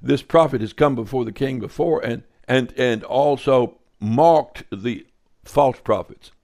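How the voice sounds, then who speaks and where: A man's voice: mid-range voice, unhurried, darkish tone. A man teaching a sermon in a conversational way, reading scripture aloud and adding wry, offhand comments. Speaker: Bible teacher.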